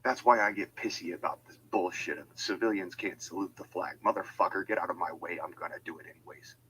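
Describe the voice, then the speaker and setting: Heated man, deep sharp voice, swearing and combative, ranting monologue. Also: quick pace, slight background noise, poor audio. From United States. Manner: heated, profane and confrontational. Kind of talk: angry monologue.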